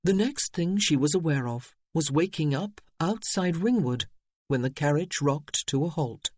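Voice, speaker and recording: A man reading a novel aloud in steady audiobook narration. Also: on the high side, a little slow.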